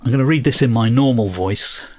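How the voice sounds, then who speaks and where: A man's voice: medium pitch, fairly quick, darkish tone. A man co-hosting a book discussion podcast, talking in a thoughtful, self-deprecating way and explaining at length. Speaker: podcast co-host.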